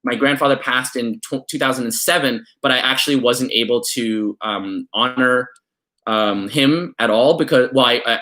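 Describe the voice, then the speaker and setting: A young Canadian man with a medium-pitched voice vlogs a personal story. He rambles casually with lots of fillers and gets animated when imitating family members.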